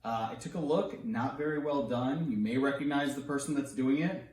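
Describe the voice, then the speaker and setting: A man's voice: mid-range voice, moderate pace, darkish tone. A man running for office, giving a scripted policy explainer with a playful, wry and emphatic delivery. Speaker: congressional candidate. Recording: echoey room.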